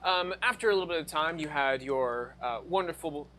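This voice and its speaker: Man, dungeon master, rambling narration, slightly high voice, faint noise. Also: brisk, fairly bright tone. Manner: loose, rambling narration with restarts and asides. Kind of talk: narrating a tabletop game.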